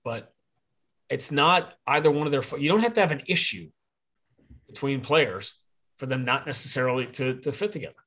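A man speaks at a middle pitch as a podcast guest. His talk is rambling and opinionated, with many restarts and self-corrections as he works through his point. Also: lively intonation, moderate pace, pauses often, a bit bright. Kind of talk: casual podcast conversation.

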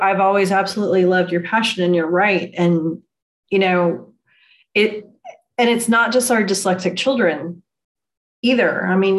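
An interviewer talking earnestly in a conversational interview, often using "you know" as filler. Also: mid-range voice.

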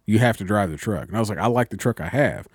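A man's voice: fairly low pitch, expressive, fast talker, slightly rough, no room sound, studio quality. A young man, a little tipsy, telling a long profane story in casual chat. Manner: rambling, profane storyteller, acts out voices. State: slightly tipsy.

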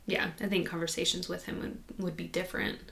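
A woman guest on a podcast, telling a personal faith story in a soft, halting, conversational way. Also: fairly low pitch, level tone, vocal fry. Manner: soft-spoken and halting, with many restarts.

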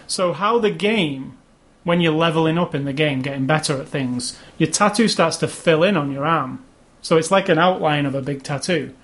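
A man's voice: on the high side, moderate pace, fairly bright tone. A man co-hosting a casual chat about video games, rambling along with restarts and fillers. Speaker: podcast co-host.

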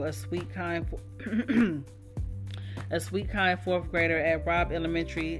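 A woman hosting a podcast, talking in a shaken, halting, emotional way. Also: low voice. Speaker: podcast host. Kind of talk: casual podcast commentary.

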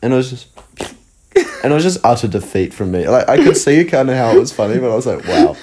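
A man's voice: mid-range voice, expressive, fast, a little mellow, breathy edge. A young man co-hosting a podcast, telling stories in a laid-back casual chat and swearing freely. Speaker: podcast co-host.

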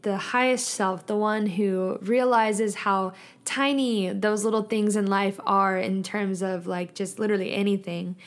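A young woman talks through a casual solo podcast episode at a mid-range pitch. Her speech is chatty and earnest, full of "like" and loose restarts, and she keeps a reflective tone as she thinks aloud. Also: fairly even intonation, unhurried. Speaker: podcast host.

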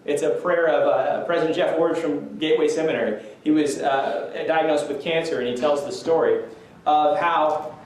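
Man, pastor, conversational sermon, slightly high voice, heavy church echo. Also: fairly even intonation, moderate pace, darkish tone, a little hiss or hum. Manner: conversational, self-deprecating with chuckles. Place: church sanctuary. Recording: echoey church room from a distance.

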